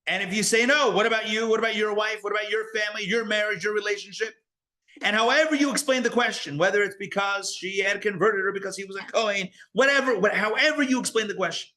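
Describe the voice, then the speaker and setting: Bright-voiced rabbi teaching a lively class. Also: male voice, high-pitched. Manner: animated, conversational, many rhetorical questions. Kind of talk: live Torah class lecture. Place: class recorded live.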